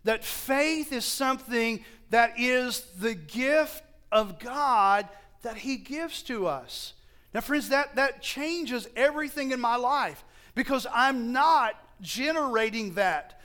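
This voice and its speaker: High, bright-voiced slow preaching man. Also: clear, resonant tone. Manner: slow, emphatic preaching with rising stresses; asks the congregation questions, corrects himself often. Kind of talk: sermon.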